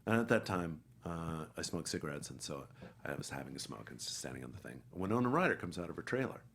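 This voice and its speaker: A middle-aged man, an actor guest, telling an animated story and acting out the people in it. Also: a bass voice, fast talker, vocal fry, breathy edge. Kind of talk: anecdotal storytelling.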